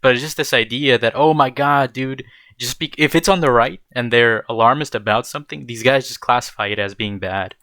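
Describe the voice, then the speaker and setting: A man's voice: mid-range voice, fairly quick, bright, forceful tone, no room sound. A young man giving casual, blunt commentary while reacting to a video, rambling and dropping bro and dude.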